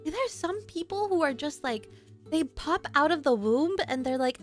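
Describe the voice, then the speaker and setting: High-voiced, animated woman streamer. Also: normal speed, faint music behind. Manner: animated, laughs often, greets chatters. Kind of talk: casual storytelling to chat.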